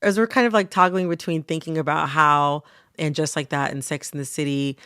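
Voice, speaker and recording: A woman hosting an interview podcast, lively and engaged with her guest. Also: low voice, a little fast, clean tone, no echo, clean studio sound. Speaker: podcast host.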